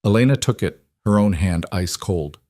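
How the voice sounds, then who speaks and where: A man with a low voice reads a romance story aloud, even and steady in his delivery. The sound is close and dry, with no room echo. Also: normal speed. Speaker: narrator. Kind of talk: scripted story narration.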